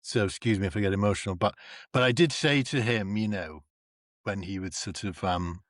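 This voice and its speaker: A man from North East England, a comedian and actor chatting as a guest and acting out the people in his stories with big leaps in pitch. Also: a little fast, no room sound, clean studio sound. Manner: animated storyteller who acts out quoted people with big pitch jumps. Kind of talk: casual chat.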